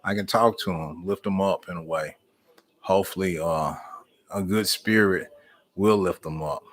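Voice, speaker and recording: A middle-aged man hosts a live stream, chatting with viewers in a folksy, storytelling style and warm Southern American speech full of "y'all." His voice is low, at a moderate pace.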